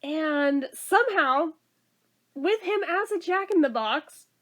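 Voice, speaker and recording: High-voiced woman chatting through a review. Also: lively intonation, slow pace, a bit bright. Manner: chatty, laughs often, says "like" a lot. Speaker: TV episode reviewer. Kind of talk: casual spoken review.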